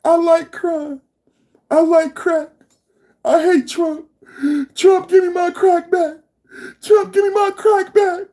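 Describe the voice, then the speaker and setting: A woman's voice: flat delivery, slow pace, long pauses. A woman in her fifties voicing a whiny street thug who wails and cries for crack. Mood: wailing. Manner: high wailing, crying and shouting.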